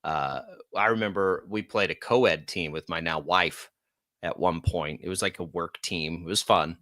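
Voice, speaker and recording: A man hosting a sports radio show in casual, energetic talk, with an American accent. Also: sits low, normal speed, dry recording, studio quality. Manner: chatty, energetic, reads ad copy.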